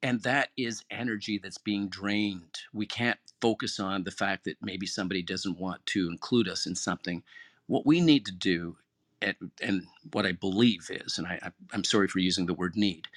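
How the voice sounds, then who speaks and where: Man, room host, motivational talk, earnest, encouraging, low voice, dry close sound. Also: a bit bright, dry recording. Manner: earnest, encouraging, repeats key phrases.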